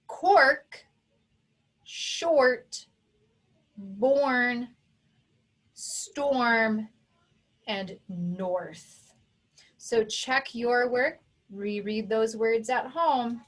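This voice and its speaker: A woman teaching a phonics lesson to young children, who sounds out each sound and syllable with slow, careful emphasis. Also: fairly high pitch, lively intonation, fairly bright tone. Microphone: recorded for an online video lesson.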